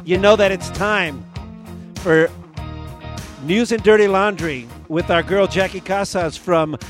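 A man co-hosting a casual podcast from a home garage studio, joking loosely and filling pauses with "uh". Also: high-pitched, soft background music. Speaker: podcast co-host.

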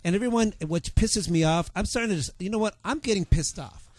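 A man's voice: high-pitched, a little fast, a little mellow, no room sound. A man hosting a political talk radio show, ranting heatedly with many fillers.

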